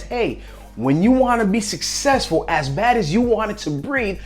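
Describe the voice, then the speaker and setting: Man, animated storyteller, repeats himself, faint music behind. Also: sits high. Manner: animated storyteller, acts out characters, repeats phrases. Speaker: motivational vlogger. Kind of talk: casual motivational talk with acted-out stories.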